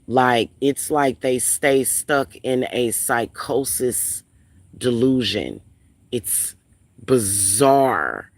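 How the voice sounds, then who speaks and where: A woman's voice: extremely low pitch, expressive, very slow, dry recording. A woman vlogger ranting casually at home, blunt and profane, repeating phrases for emphasis. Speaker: spiritual reader and vlogger.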